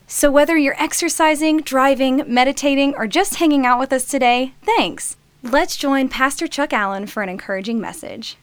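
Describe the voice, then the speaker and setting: A woman's voice: sits high, normal speed, hardly any pauses, no echo. A woman reading a scripted, welcoming intro announcement for a church podcast.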